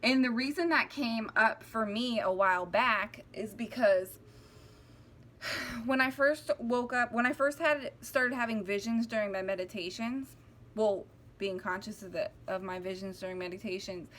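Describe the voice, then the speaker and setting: A woman's voice: mid-range voice, a bit bright. A young woman talks straight to her viewers in a casual, emotional monologue. She rambles, restarts her sentences and sounds close to tears. A faint hiss runs under her voice. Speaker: spiritual vlogger. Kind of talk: casual heartfelt monologue to camera.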